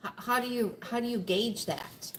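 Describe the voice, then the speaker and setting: A woman who is a teacher chatting on a livestream, animated, teasing and blunt. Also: on the high side, moderate pace, poor audio. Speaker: teacher, co-host guest. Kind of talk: casual livestream banter.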